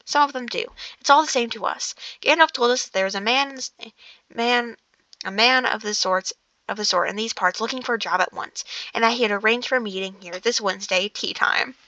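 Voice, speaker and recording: A woman's voice: on the high side, fairly quick, bright, forceful tone, no echo. A woman reading as an impatient dwarf. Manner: stumbling, self-correcting reading. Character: gruff, impatient male dwarf. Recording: dull lo-fi recording.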